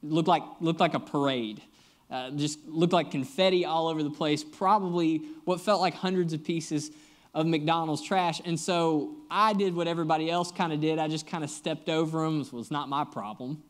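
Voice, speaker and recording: A male pastor delivering a sermon in a slightly high, conversational voice. He tells a story earnestly, talks right to the congregation, and leans hard on emphasis by jumping in pitch and loudness. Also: steady tone, normal speed.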